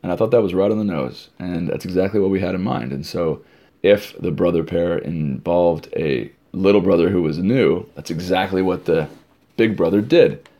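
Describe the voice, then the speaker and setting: A middle-aged man, a camp director, telling stories for an informal podcast in an animated way. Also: sits low, moderate pace. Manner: animated storyteller, acting out crowd shouts.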